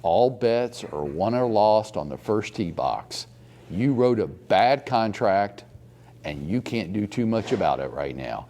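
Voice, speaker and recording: A man's voice: on the low side, lively intonation, a little slow, dark tone. A man coaching real estate agents in a live training session, blunt and profane, with mocking bursts.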